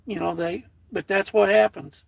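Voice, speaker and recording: A man's voice: high-pitched, fairly even intonation, normal speed, gravelly, dry recording. An older American man with a folksy manner, chatting casually on his own livestream and reading out viewer comments. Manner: folksy, reads out viewer comments, warm toward chat. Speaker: livestream host.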